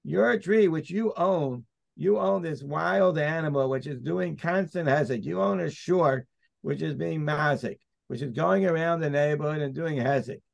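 Gravelly, somewhat high-voiced man as Talmud teacher, emphatic, hammers his point home. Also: moderate pace. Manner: emphatic, argues by restating points. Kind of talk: Talmud study discussion.

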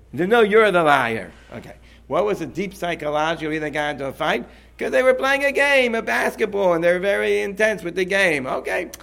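A man with a gravelly, fairly high voice who leads a discussion. He speaks emphatically and keeps repeating his point until it sticks. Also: fairly bright tone. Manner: emphatic, repeats himself, insistent. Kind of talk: animated discussion.

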